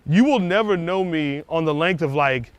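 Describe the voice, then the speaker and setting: A man, a comedian, chatting casually outdoors on a street, animated and profane, acting out the people he quotes. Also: fairly high pitch, moderate pace, smooth, no echo. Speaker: comedian guest. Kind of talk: casual chat.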